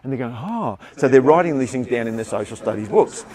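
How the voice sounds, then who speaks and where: An older Australian man, once a teacher, tells a story live on a theatre stage, animated and voicing the people in it. His medium-pitched delivery is brisk.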